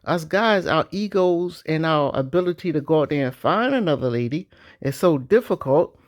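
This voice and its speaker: A man giving casual, animated commentary with slang, often jumping into mocking voices. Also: moderate pace. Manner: animated, slangy, jumps into high-pitched mock voices. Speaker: vlogger.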